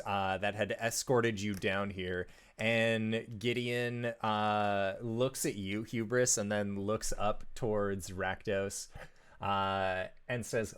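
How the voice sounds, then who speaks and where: A man narrating as game master of a tabletop game, relaxed and descriptive with frequent pauses. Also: lowish voice, smooth.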